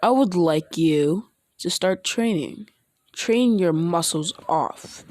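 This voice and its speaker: A woman voicing a gruff adult male villain who gives blunt, lecturing advice. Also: on the low side, expressive, takes it slowly, darkish tone, dry recording.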